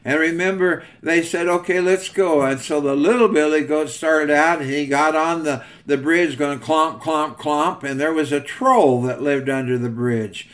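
A man's voice: fairly high pitch, a little slow, hardly any pauses, a bit bright. An older man preaching a sermon in a folksy, earnest storytelling manner.

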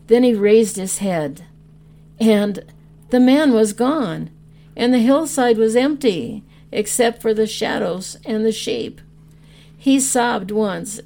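A woman reading a tender story aloud, gently and unhurried. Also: medium pitch, creaky, a little hiss or hum. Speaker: story reader.

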